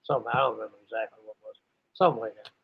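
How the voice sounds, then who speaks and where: An older New England man reminisces in a rambling way about radio operators, wandering off track and pausing to hunt aloud for names. His lowish voice is steady in tone yet racing, creaky and slightly rough. The recording is muffled and lo-fi.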